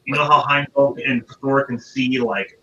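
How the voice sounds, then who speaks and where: A man's voice: medium pitch, fairly even intonation, normal speed, bright, forceful tone, slight background noise. A man co-hosting a podcast, eagerly explaining comic lore in casual talk. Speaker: podcast co-host. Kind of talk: casual movie discussion. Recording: distant lo-fi mic in echoey room.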